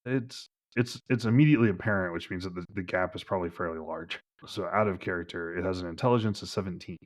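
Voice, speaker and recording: Deep-voiced male game master, loose and rambling, lots of "like" fillers. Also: quick pace. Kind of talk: narrating a tabletop game.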